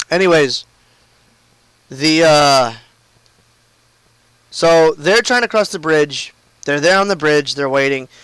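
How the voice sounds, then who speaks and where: A man tells a story while he streams a game from home, rambling and swearing casually with plenty of fillers. His voice sits a little high and sounds smooth and clean. The sound is dry and close. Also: fairly bright tone, no echo, poor audio.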